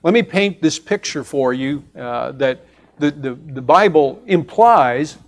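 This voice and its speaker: Man teaching a Bible class, slightly high. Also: lively intonation. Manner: conversational, explains step by step with pauses and restarts; asks the class questions. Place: church classroom.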